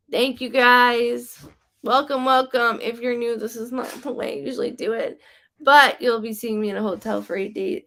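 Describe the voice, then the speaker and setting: A woman working as a psychic medium, chatting loosely through a live stream. Her voice sits a little high and carries a gravelly, creaky edge. She rambles in a friendly way, full of "like" and "um", as she passes spirit messages to viewers. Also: expressive, moderate pace, fairly bright tone. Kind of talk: casual live-stream readings.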